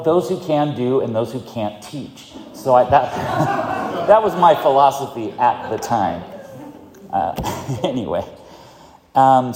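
A man's voice: fairly low pitch, darkish tone, roomy sound, big-room sound. A middle-aged man giving a candid, self-mocking personal testimony at a recovery meeting, chuckling often as he talks. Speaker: speaker sharing at a recovery meeting.

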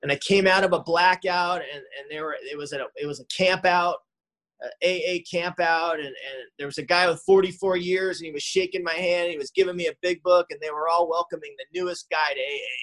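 A man's voice: fairly high pitch, steady tone, brisk, fairly bright tone, poor audio. A man sharing his own recovery story in a conversational way, often adding "man" and "you know". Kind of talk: recovery talk testimony.

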